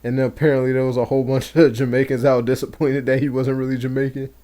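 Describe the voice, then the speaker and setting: Mellow smooth-voiced man telling stories. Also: medium pitch, level tone, quick pace. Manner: loose storytelling with fillers and swearing. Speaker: podcast co-host. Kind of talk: casual wrestling chat.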